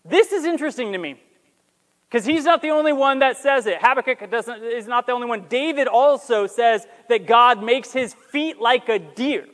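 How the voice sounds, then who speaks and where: A male pastor giving a casual, conversational sermon with humorous asides, slowing down to read scripture. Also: extremely high pitch, a bit bright, big-room sound.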